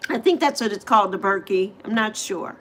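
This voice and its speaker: A Bronx-born woman raised on Saint Croix, speaking with a New York accent, runs a casual livestream where she reads comments and addresses viewers by name. She's friendly and rambling, with a brisk pace and a medium-pitched, slightly bright voice.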